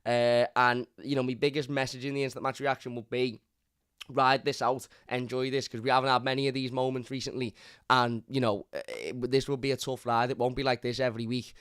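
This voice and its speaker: A young man, hoarse and close to losing his voice, passionately ranting on a live-stream football reaction as host of a fan channel. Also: mid-range voice, steady tone, brisk, fairly bright tone, no room sound. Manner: passionate, ranting, repeats himself.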